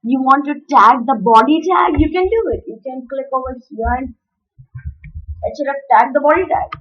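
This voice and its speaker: A woman's voice: high voice, normal speed, muffled recording. A woman explaining code step by step while she types, stopping to correct herself. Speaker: coding tutor. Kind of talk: screen-recorded coding tutorial.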